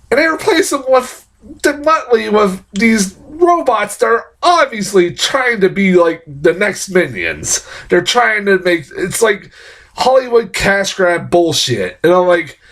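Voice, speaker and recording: A man delivering a casual film review as a profane, exasperated rant. His pitch swings widely from low grumbles to high, incredulous peaks. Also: fairly bright tone. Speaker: movie reviewer.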